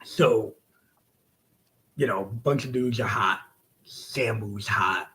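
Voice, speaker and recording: Profane, animated male wrestler telling stories. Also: lowish voice, slow. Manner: animated, acts out quotes, drops to whispers. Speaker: podcast guest, wrestler. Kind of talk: casual storytelling, profane.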